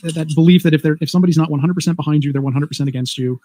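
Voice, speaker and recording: A man's voice: fairly high pitch, warm tone, no echo. A man on a stream panel, ranting emphatically in casual chat. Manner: rapid, emphatic ranting with restarts.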